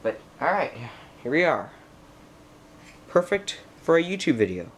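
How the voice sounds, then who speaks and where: A man's voice: a little high, big pitch swings, a little slow. Rambling young guy unboxing a computer. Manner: rambling, talks to himself and the computer, easily frustrated. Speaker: tech vlogger. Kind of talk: casual unboxing commentary.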